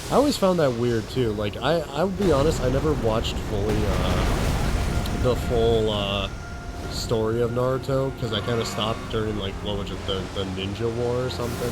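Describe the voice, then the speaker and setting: A young man giving casual, chatty commentary while playing a game, rambling and often restarting his sentences. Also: medium pitch. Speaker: gaming commentator. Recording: loud background game noise.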